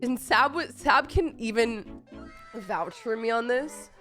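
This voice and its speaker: A woman's voice: fairly high pitch, slow, sharp tone, soft background music. A young woman from Texas who is sick with a cold, chatting casually on her livestream and telling a rambling story with exasperated asides. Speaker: streamer.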